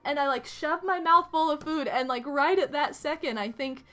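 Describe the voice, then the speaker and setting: A young woman streaming to her chat, talking in an excitable, gushing rush full of fillers and restarts. Her voice sits a bit high and sounds bright and forward. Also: normal speed.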